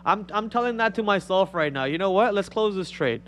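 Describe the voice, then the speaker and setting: A man from India, a Telugu speaker, hosting a live stock trading stream with excitable, joking chat. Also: high-pitched, a little fast, a little hiss or hum.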